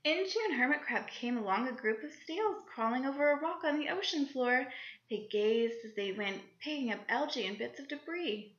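A woman reading a children's picture book aloud with lively character voices and little asides to young listeners. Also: high voice, normal speed. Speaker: children's story reader. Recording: lo-fi recording in an echoey room.

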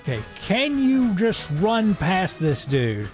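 A young man giving let's-play commentary with a sarcastic, profane wit. His voice sits fairly high and swings lively between deadpan lows and excited peaks. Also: slow, over music. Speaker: game streamer.

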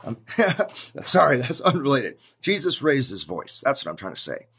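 A man giving a casual, conversational sermon to his viewers, animated and prone to acting out scenes. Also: mid-range voice, normal speed, husky. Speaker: preacher.

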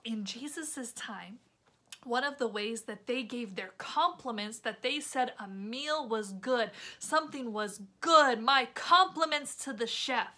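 A woman teaching children a Bible lesson in an animated, chatty way, with frequent asides to the kids. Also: fairly high pitch.

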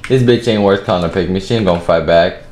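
A man's voice: low-pitched, quick pace, darkish tone, reverberant, slight background noise. A man giving profane, taunting commentary over his own gameplay. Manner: profane, taunting trash talk. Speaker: gaming video host.

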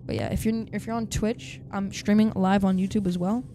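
There's a little hiss or hum on the recording as a high-voiced, youthful-sounding man chats fairly quickly with viewers on his game stream. Every so often he bursts out loudly in excitement.

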